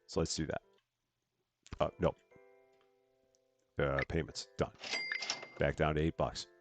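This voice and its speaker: A man's voice: a bass voice, level tone, slow, soft background music. A man streaming a game live, chatting through his moves and thanking viewers as he plays. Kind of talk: live gameplay commentary.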